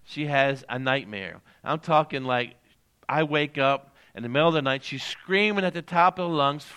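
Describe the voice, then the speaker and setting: An older man delivers a sermon in a bright, ringing voice that sits a little high. He talks with the congregation more than at them. He circles back to his main phrases and pauses for answers. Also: clear, resonant tone. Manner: conversational preaching that repeats key phrases and questions the congregation. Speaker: pastor.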